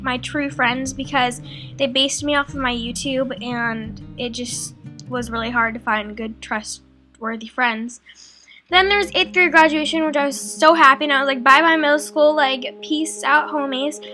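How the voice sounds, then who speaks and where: A woman's voice: sits high, pushed and bright. A teenage girl telling her life story as a vlog voice-over, chatty and loose, with lots of likes and ums, acting out the things she said back then. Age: teens. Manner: chatty, full of likes and ums, acts out her own quotes. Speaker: beauty vlogger. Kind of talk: draw-my-life voice-over narration. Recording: faint music underneath.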